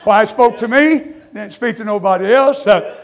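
A man with a high voice preaches his testimony at a moderate pace in a fervent sermon cadence. He fills it with "uh" and "amen," shifting between hushed confession and shouting.

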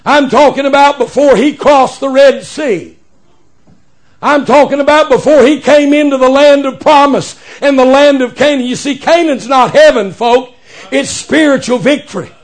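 High-voiced preacher man, shouting cadence. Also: moderate pace. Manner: rising to shouted emphasis, folksy preacher cadence. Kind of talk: sermon.

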